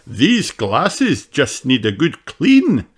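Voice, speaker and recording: Brief: a man voicing a kind pony optician dad for a storybook, lifted pitch, slow and lively. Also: slightly rough, full character voice. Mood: reassuring.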